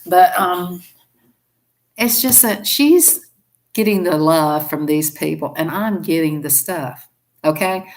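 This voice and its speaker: Folksy Southern woman, low voice. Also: slow. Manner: folksy, chatty, laughs often. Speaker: live streamer. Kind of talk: casual live-stream chat.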